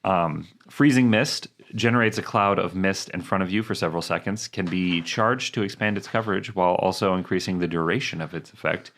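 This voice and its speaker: Male podcast co-host with a very low voice; reads game text with fillers, relaxed banter. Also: brisk, hardly any pauses. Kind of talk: casual chat, reading game descriptions.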